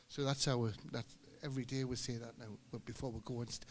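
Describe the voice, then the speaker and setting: A middle-aged singer-guitarist telling rambling, joking stories between songs at a live gig. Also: male voice, mid-range voice, little pitch movement, fast, hardly any pauses. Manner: joking, anecdotal storyteller. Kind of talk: rambling stage banter. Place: live music venue on stage. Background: guitar music.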